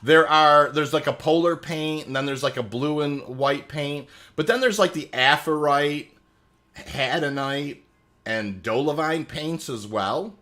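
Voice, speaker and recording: Speaking at a measured pace, the man's slightly high voice sounds pushed and bright. In his thirties, he streams a game with loose, filler-heavy chat, reading out viewers' messages and responding as they come in.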